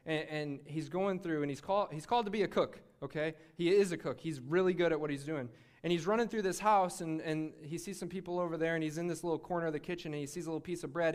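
A young man preaching a sermon in a lively, conversational way, often restarting his sentences. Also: a little high, clean tone.

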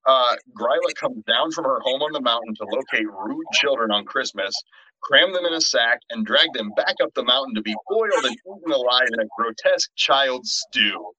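A middle-aged man co-hosting a horror podcast in casual chat, animated, tripping over restarts and swearing freely. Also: mid-range voice, normal speed, no echo. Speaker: podcast co-host. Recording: dull, lo-fi and dry.

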